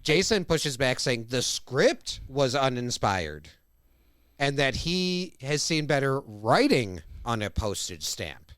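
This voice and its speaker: A man's voice: mid-range voice, sing-song, slow pace, a bit bright, no echo, clean studio sound. A man co-hosting a podcast, recapping an episode's plot and quoting its lines. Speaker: podcast co-host.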